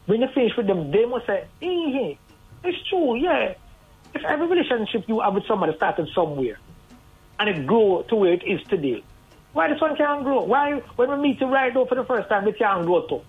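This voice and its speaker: Husky voice on a phone line. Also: mid-range voice, very animated, a little fast. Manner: earnest, advising, conversational. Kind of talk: radio call-in talk. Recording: tinny phone line over faint music.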